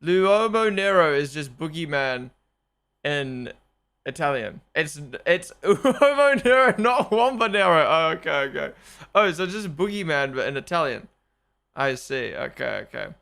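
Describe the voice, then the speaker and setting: A young man live-streaming his reactions to a race broadcast, excitable and quick to repeat himself. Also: a little high, gravelly, clean tone.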